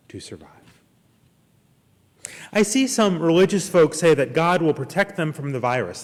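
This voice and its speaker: A man preaching a sermon as minister, earnest and emphatic, with slow deliberate pauses. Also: medium pitch. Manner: earnest preaching, slow emphatic pauses, retells a parable with lively character voices. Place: church service streamed online. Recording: long hall reverb.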